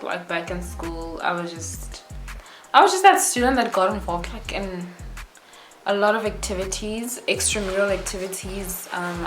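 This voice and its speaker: A young woman from Africa, chatting to camera in a rambling, animated way with lots of "like" and "yo". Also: fairly low pitch, echoey room. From South Africa. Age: young adult. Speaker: YouTuber. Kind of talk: casual chat to camera.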